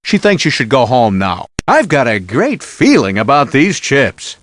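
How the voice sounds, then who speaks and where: A man's voice: mid-range voice, huge pitch swings, unhurried, a bit bright, a little hiss or hum. An actor playing a sarcastic male blackjack dealer in a video game, teasing the player with one-liners.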